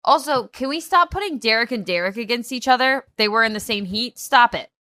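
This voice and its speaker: A woman co-hosts a casual recap podcast, ranting with sarcastic exasperation. Her voice sits fairly high and bright, and her pitch jumps around a lot. The sound is close and dry. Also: expressive, a little fast, no echo. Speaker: podcast co-host. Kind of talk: casual reality-TV recap chat.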